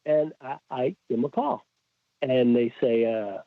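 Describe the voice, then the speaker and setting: Speaking in a mid-range voice at a normal speed, a podcast guest recounts a story during a casual chat, animatedly voicing the dialogue he quotes. There is no echo, though the remote call sounds tinny, like a phone.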